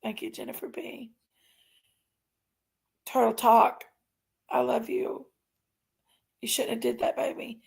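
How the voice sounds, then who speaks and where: A woman's voice: a little high, fairly even intonation, slow pace, gravelly, long pauses, darkish tone, breathy edge. A woman hosting a casual livestream, ranting indignantly and emphatically while reading chat aloud. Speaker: live stream host.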